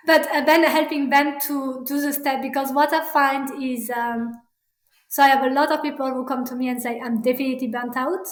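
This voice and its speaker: A woman with a French accent, a parenting practitioner answering interview questions in a halting way with many fillers and restarts. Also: high-pitched, steady tone, echoey room. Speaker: parental burnout practitioner, guest.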